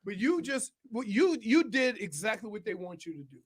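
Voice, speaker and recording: High-pitched teasing radio co-host man. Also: big pitch swings, normal speed, breathy edge, no room sound. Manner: teasing, needling. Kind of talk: sports talk radio banter. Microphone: studio broadcast mic.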